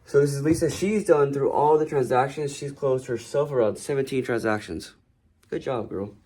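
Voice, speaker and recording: A man's voice: mid-range voice, normal speed, dark tone. A man who works as a real estate agent giving a casual, rambling tour of his office, talking loosely with many fillers. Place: office indoors.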